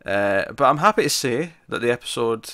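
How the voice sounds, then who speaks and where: A man co-hosting a podcast chats casually about TV episodes, rambling and restarting often. His mid-range voice is animated, fairly quick and fairly bright, in studio-quality sound with no room sound.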